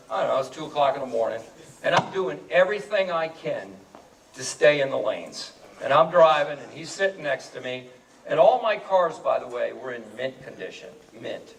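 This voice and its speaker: A man telling a lively party story to friends, often repeating his words and laughing as he goes. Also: mid-range voice, gravelly, a little hiss or hum. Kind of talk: casual storytelling speech. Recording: echoey room from far off.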